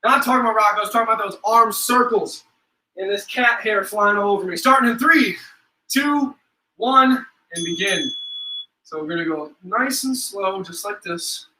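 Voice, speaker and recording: Bright-voiced man coaching a home workout. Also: high voice, normal speed, reverberant, recorded from a distance, slight background noise, rough recording. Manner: upbeat, joking, counts reps aloud. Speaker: fitness instructor.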